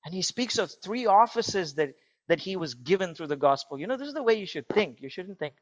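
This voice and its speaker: Guy preaching, high voice, gets fired up, dull dry sound. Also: brisk, dry recording. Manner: earnest, building to excited emphasis. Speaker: pastor. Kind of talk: sermon.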